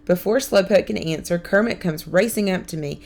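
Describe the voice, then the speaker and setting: A woman narrating a novel in the first person, with a steady storytelling delivery. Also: on the low side, brisk, gravelly. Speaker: audiobook reader.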